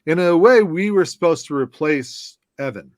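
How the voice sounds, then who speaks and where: A man's voice: fairly high pitch, moderate pace, no room sound, studio quality. Chatty man from telling stories. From southwest side of Chicago, US. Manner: animated anecdotes with many restarts and fillers. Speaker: former whisky brand ambassador, guest. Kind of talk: casual conversational storytelling.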